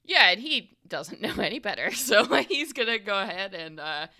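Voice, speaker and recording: A woman narrating a tabletop horror game as game master, in a relaxed, chatty way with many fillers. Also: medium pitch, normal speed.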